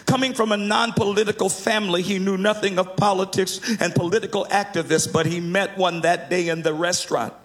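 A man's voice: high-pitched, steady tone, fairly quick, hardly any pauses, soft background music. A man preaching a sermon, emphatic and sometimes lifting his lines into a half-sung cadence.

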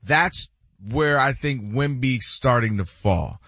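A man's voice: medium pitch, lively intonation, slow pace, pushed and bright, no room sound, muffled recording. A man hosting a sports talk show, arguing emphatically and acting out quotes in different voices. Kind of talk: animated sports debate.

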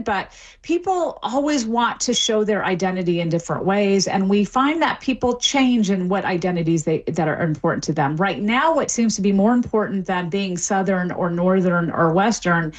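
Middle-aged woman guest explaining on a radio interview, fluent, a few restarts. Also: mid-range voice. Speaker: linguistics professor, guest.

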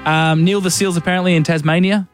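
A man's voice: high-pitched, fairly even intonation, soft background music. Teasing Australian radio host, man. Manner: teasing, quick-fire and playful. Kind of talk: radio banter and quiz hosting.

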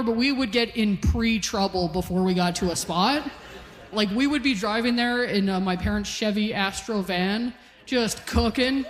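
A woman in her forties from Calgary, doing a self-deprecating stand-up comedy set on stage. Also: a little high. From Calgary, Canada. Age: 40s. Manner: punchy, self-deprecating storytelling. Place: comedy stage with live audience. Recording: live hall with long reverb.

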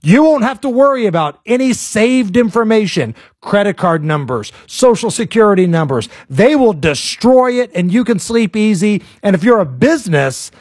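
A man's voice: high voice, slightly rough, no echo, studio quality. A man hosting a talk radio show, joking loosely and reading ads in a casual way. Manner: loose, joking, quick asides. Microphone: studio mic.

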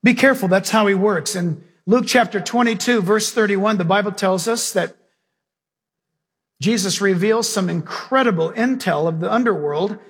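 A male pastor preaching a sermon with animated storytelling, acting out the characters in his stories. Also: high voice, moderate pace, slightly rough.

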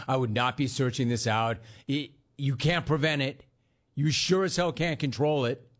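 A man hosting a sports talk radio show, delivering an emphatic monologue that repeats lines for effect and talks bluntly to the listener. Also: mid-range voice. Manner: addresses listener directly and bluntly.

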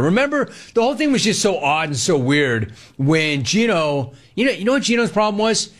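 A man's voice: high voice, big pitch swings, moderate pace, few pauses, fairly bright tone. A man hosting a sports talk radio show, giving a sarcastic and emphatic monologue.

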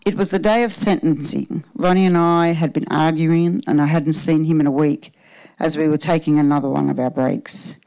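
A woman, a panel guest reading her own personal story aloud in a steady, measured way. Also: low-pitched, rough recording.

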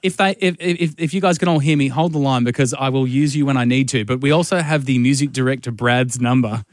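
Rambling radio host, dry sound. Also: male voice, mid-range voice, no room sound. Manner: rambling, self-deprecating, halting restarts. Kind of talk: casual radio banter.

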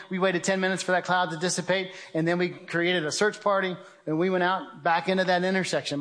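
A middle-aged man giving a dramatic spoken testimony, telling his story vividly and acting out his own shouts. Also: on the high side. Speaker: speaker giving a testimony presentation.

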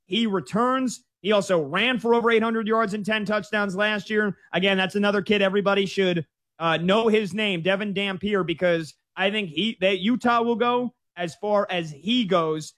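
A man hosting a sports betting show, running through team stats and odds in a brisk rundown before handing off to his co-host. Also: sits high, fairly bright tone. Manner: brisk, stat-heavy rundown. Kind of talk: sports betting preview chat.

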